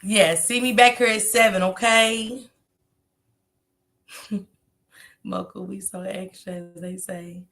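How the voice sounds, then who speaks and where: Gravelly, bright-voiced woman livestreamer. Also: medium pitch, steady tone, slow, long pauses. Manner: slangy, salty, swears freely, laughs often. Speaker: livestream host. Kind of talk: casual livestream chat, reading comments aloud.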